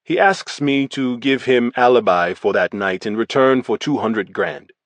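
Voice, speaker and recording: A man's voice: mid-range voice, lively intonation, measured pace, dry recording, natural voice. A man voicing a blunt, cold male mobster, speaking clipped broken English.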